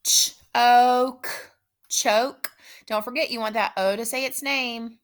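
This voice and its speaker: A woman teacher giving a spelling dictation lesson, speaking slowly and repeating each word with patient care. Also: fairly high pitch, fairly bright tone. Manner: slow, patient, repeats words carefully.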